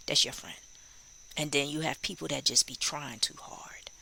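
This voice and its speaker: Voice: mid-range voice, steady tone, moderate pace, creaky, pushed and bright, slight background noise, rough recording. A true crime commentator in casual spoken commentary, musing and rhetorical, acting out bits of quoted dialogue.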